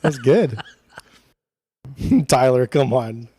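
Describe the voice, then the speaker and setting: A man's voice: mid-range voice, lively intonation, very slow, warm tone, husky. A man co-hosting a casual podcast, exasperated and swearing freely, often laughing. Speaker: podcast co-host. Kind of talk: casual chat.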